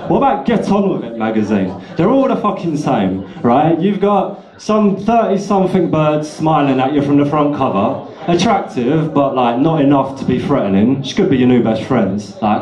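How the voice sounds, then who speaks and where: A man's voice: darkish tone, echoey room. A slightly drunk man doing rambling, sweary stand-up at an open mic night in a pub. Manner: rambling, sweary, puts on shrill voices. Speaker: stand-up comedian. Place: pub function room.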